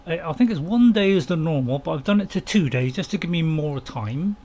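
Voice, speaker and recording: A man's voice: fairly high pitch, animated, brisk, mellow, slight background noise. A man hosting a casual game let's-play, chatting with viewers in a rambling, apologetic way with frequent chuckles. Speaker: gaming channel host.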